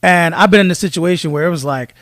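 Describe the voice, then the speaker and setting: A man with a rather high voice, talking casually on a podcast and jumping into voices of the people he describes. The sound is dry and close, with no room around him. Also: fast, dry recording. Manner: animated storyteller, acts out voices of people in his stories. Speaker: podcast co-host. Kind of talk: casual chat, storytelling.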